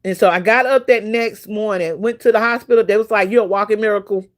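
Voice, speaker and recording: A woman hosting a casual livestream tells a long personal story, rambling and repeating herself with many fillers and stopping to greet viewers by name. Her voice is mid-range with fairly even intonation, and she talks fast.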